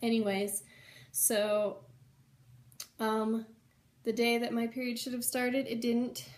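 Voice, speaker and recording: A young adult woman with a somewhat high voice tells a personal story. She speaks in an earnest, chatty way, filling her sentences with "like" and "um". She sounds like she is talking at home. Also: flat delivery, slow pace, darkish tone. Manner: chatty, heavy use of "like" and "um"; earnest, emotional retelling. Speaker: vlogger sharing a personal story.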